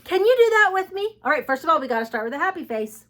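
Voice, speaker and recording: A woman's voice: very high voice, sing-song, quick pace, fairly bright tone. A woman teaching preschoolers and reading them a picture book aloud, in a coaxing, sing-song way that keeps asking the child questions. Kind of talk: read-aloud for young children.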